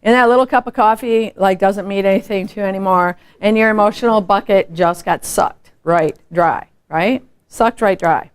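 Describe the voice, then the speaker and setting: A woman giving a lively motivational workshop talk, telling stories with rhetorical questions. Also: mid-range voice, normal speed, hardly any pauses, clean tone. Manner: animated storytelling, frequent rhetorical questions. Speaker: workshop speaker. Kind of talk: live motivational training talk.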